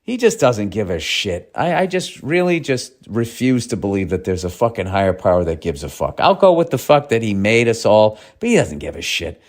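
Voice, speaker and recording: A man's voice: lowish voice, sing-song, brisk, hardly any pauses, a little mellow. A man hosting a comedy podcast, ranting in a profane, sardonic way and reading listener mail.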